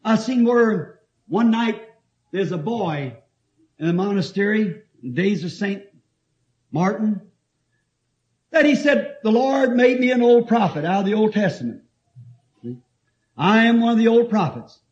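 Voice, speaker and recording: A male preacher with a high, lively voice, swinging up and down as he reads scripture and tells stories. He talks emphatically and laughs easily. The sound is dull and lo-fi, like an old tape. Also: a little slow, long pauses. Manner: animated, emphatic, often laughing while telling stories. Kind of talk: sermon.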